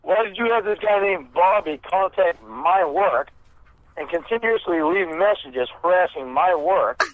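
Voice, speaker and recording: Brief: male call-in host, combative and threatening, slightly high voice, phone-line sound. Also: lively intonation, measured pace, no room sound. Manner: combative, accusing, repeats threats. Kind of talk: heated phone argument. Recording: phone-like narrow line, dry.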